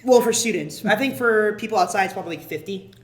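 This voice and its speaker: Young man, podcast co-host, casual rambling chat, high voice. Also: quick pace. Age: young adult. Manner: chatty, rambling with many fillers.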